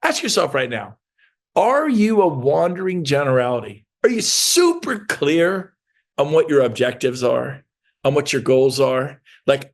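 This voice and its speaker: A middle-aged man giving an energetic motivational talk to real estate agents, emphatic and animated, with bursts of shouting. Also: on the high side, measured pace.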